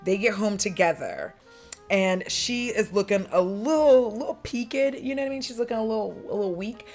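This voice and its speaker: A woman recapping a film in a casual chat, animated and chatty, acting out lines and laughing as she goes. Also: medium pitch, moderate pace, faint music behind. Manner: acts out characters' lines and sound effects.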